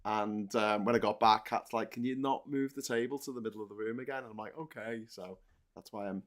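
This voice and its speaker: A man hosting a podcast from a small room at home over a video call, rambling casually with many restarts and animated asides. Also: fairly low pitch, a little fast. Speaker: podcast host. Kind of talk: casual chat.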